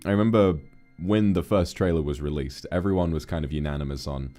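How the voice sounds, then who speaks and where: A man hosting a livestream, giving a casual film review in an animated, rambling way, often correcting himself mid-sentence. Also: rumbling low, a little fast, faint music behind. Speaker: streamer host.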